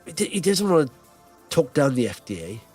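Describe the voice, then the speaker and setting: A man's voice: on the high side, sing-song, fairly quick, warm tone, husky, soft background music. A man hosting a podcast, chatting in a rambling, jokey way with plenty of fillers. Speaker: podcast host. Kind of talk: casual chat.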